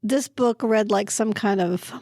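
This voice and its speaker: A woman co-hosting a library book podcast, recorded at a library, talking casually and slowly about a book she picked, pausing to search for words. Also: medium pitch, dark tone, dry recording, studio quality. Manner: slow, searching for words, laughing at times. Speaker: podcast co-host presenting a book pick.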